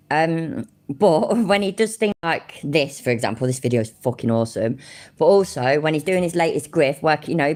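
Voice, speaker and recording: A woman talks through a reaction stream, swearing freely and mocking the video she watches. Her voice sits low for a woman, and she laughs often. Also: a little mellow. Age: 40s. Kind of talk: casual reaction commentary.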